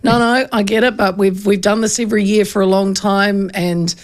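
A New Zealand woman hosting a radio show, telling a lively anecdote and acting out the people in it. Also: mid-range voice, normal speed. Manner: lively, animated, acts out voices in anecdotes. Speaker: radio host. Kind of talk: chatty radio storytelling.

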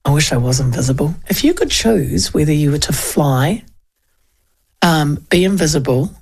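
Gravelly chatty New Zealand woman. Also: sits low, lively intonation, moderate pace, a little mellow. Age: 50s. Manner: chatty, storytelling, many restarts. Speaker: radio host. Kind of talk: casual radio chat. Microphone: studio mic with headphones.

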